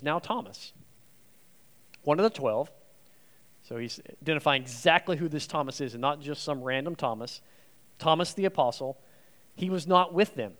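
Guy preaching a chatty sermon, kinda high voice, really emphatic, big echoey hall. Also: fairly bright tone. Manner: earnest, emphatic, acts out quoted speech. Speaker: guest preacher. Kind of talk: conversational sermon. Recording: long reverb of a large hall.

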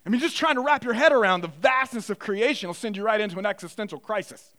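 A young man preaches with a high, light voice. His delivery is animated, dropping to near-hushed reflection and then surging into loud emphasis. It sounds like a sermon from the pulpit. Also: fast, few pauses. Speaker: pastor.

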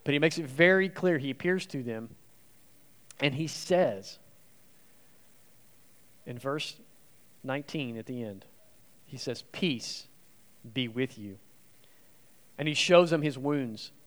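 Guest preacher, male, slightly high voice, earnest and emphatic, long church reverb. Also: a little slow, long pauses, a bit bright. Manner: earnest, emphatic, acts out quoted speech. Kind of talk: conversational sermon. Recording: long reverb of a large hall.

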